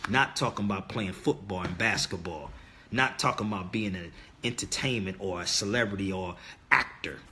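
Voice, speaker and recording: A man's voice: deep voice, moderate pace, bright, forceful tone, a little hiss or hum. Emphatic middle-aged man preaching to viewers. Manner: emphatic and insistent, repeats key words, talks straight to viewers. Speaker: livestream host. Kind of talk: casual preaching monologue to viewers.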